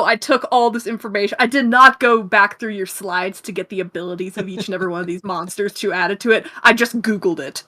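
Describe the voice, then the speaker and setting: A woman's voice: medium pitch, sharp tone. A woman co-hosting a casual gaming podcast, giggling often as she explains things. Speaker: podcast co-host. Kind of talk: casual chat.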